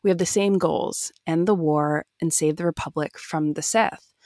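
A calm, reassuring older Jedi mentor, as a woman reads him aloud from a novel. The voice sits low with some gravel. It sounds close and dry. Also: normal speed, dry recording. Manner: gentle, reassuring.

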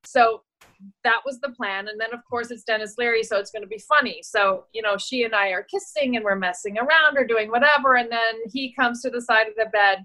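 Animated woman telling a story. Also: on the high side, a little fast, poor audio. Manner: animated, laughing, acts out quoted voices. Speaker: actress and guest. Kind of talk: casual interview storytelling.

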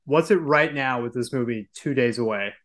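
A man's voice: medium pitch, normal speed, fairly bright tone. A man hosting a casual podcast about film and TV who asks questions and keeps the talk moving. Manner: leads the talk, asks questions, moves topics along. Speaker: podcast host.

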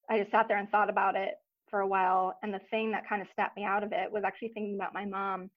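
A woman in her thirties speaks as an interview guest, recounting her own story in an earnest, reflective, soft-spoken way with frequent pauses. Her voice sits at an ordinary middle pitch. The recording sounds slightly dull and muffled. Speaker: podcast guest. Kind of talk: personal story in a casual interview.

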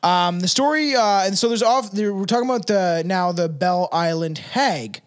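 A young man from Canada co-hosting a loose, crude podcast with a rather high voice. He rambles through stories, stumbling on "uh" and "um" and breaking into laughs. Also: animated, moderate pace. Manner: rambling, laughs often, many fillers. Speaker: podcast co-host. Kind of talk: casual crude chat.

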